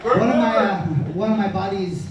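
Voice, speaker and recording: A brash, foul-mouthed man tells stand-up stories in a high voice. He sounds far from the mic in a very echoey small club. Room noise and crowd laughter hang around him. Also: steady tone, normal speed. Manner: crude, brash, profane storytelling. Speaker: stand-up comedian. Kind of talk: stand-up comedy set. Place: small comedy club stage. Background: audience laughter.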